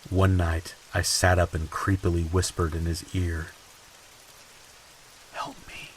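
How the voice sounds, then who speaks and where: A man reading creepy stories in a slow, ominous scripted narration. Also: low voice, level tone, low-quality recording. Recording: faint hiss and rain sounds behind. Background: rain ambience.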